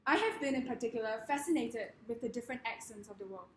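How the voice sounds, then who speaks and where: Animated and fast, her voice on the high side, a young woman with a Singaporean accent delivers a funny talk in an echoey room with slight background noise. Her manner is playful and mock-grandiose, with laughter between lines.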